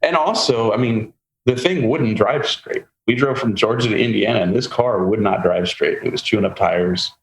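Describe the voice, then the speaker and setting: A man hosting a podcast, telling a long car story in a casual, animated way and acting out the people he quotes. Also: on the low side, moderate pace. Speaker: podcast host. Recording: roomy with faint ambient noise.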